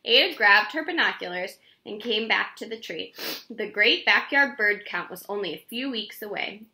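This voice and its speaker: A woman reading a children's chapter book aloud in an expressive, animated way. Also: medium pitch, moderate pace, reverberant. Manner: expressive, animated read-aloud with character voices.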